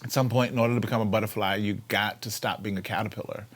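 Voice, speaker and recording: A man hosting a casual inspirational talk. He repeats key phrases for emphasis and swings from loud, lively emphasis to hushed whispers. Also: lowish voice, fast, slightly rough. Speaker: host.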